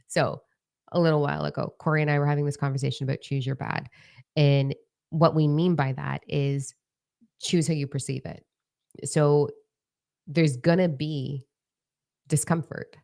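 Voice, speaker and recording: A woman in her forties giving a blunt, excitable motivational talk at home, swearing freely. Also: low-pitched, creaky. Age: 40s. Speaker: life coach. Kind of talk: casual motivational talk to camera.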